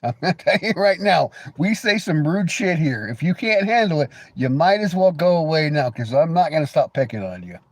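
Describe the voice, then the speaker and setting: A man's voice: fairly high pitch, sing-song, brisk, few pauses, no echo. A man with an American accent hosting a livestream, teasing and crude in casual banter. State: coughing. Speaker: livestream host.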